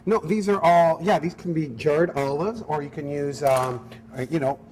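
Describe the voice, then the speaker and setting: A man's voice: fairly high pitch, normal speed, a little mellow, a little hiss or hum. A man who is a chef, talking through a cooking demonstration in an upbeat, easygoing way. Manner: upbeat, easygoing, apologetic when teased. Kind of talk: cooking demo chat.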